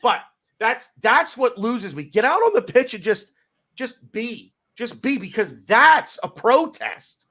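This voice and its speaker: Ranting on his podcast, an American man speaks in a very high, sharp voice that's very animated yet measured in pace. He's heated and cursing, repeating himself and cutting across the other speakers.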